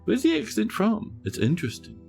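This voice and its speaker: A man's voice: sits high, wildly swooping pitch, a little fast, gravelly, a little mellow, soft background music. A man with a New Zealand accent, casually commentating his game stream with playful, mock-dramatic teasing and a soothing voice.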